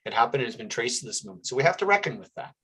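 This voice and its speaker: A man moderates a town hall meeting held over a video call. His voice sits at a middle pitch. He speaks earnestly and steadily, sprinkling in "uh" as he reads out comments from the audience. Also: very animated, sharp tone, slightly rough. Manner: earnest, measured, with filler "uh". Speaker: town hall host, politician.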